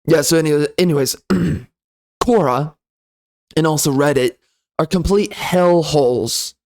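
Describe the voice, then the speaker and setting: A man delivering a loud, sneering, profane comedy rant as a game reviewer. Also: a little high, slow. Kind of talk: ranting comedy commentary.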